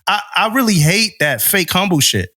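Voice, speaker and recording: A man's voice: high-pitched, big pitch swings, moderate pace, pushed and bright. A man co-hosting a podcast, ranting casually and profanely with bursts of laughter. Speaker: podcast co-host.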